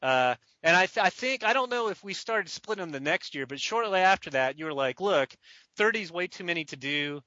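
A man co-hosting a podcast, telling a story in a casual, animated way with laughs. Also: sits high, fairly quick, no room sound. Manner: animated, laughing, acts out quotes. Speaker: podcast co-host, draft writer. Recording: dull lo-fi dry podcast audio.

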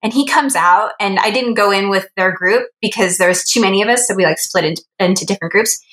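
Podcast guest, woman, bright and animated, recorded in an echoey room. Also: quick pace. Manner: animated storyteller, acts out quotes in a high voice. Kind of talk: casual podcast chat.

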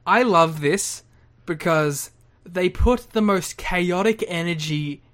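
A man co-hosting a wrestling podcast in casual chat, animated and often laughing, with some swearing. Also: sits high, takes it slowly. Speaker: podcast co-host.

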